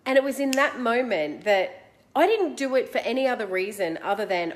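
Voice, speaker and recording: An Australian woman in her forties, hosting and telling a personal story in a chatty, animated, self-mocking way. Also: on the high side, a little fast. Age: 40s. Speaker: host.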